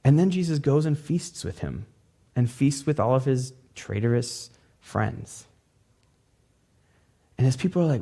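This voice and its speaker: A man's voice: mid-range voice, animated, measured pace, long pauses, warm tone. A man pastor preaching a sermon in a loose, conversational way, dropping casual fillers.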